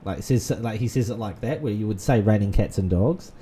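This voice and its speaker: A man's voice: lowish voice, a little fast, warm tone, slight background noise. A man, rambling in casual gaming commentary full of fillers and restarts. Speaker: gaming channel host. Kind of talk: casual let's-play commentary.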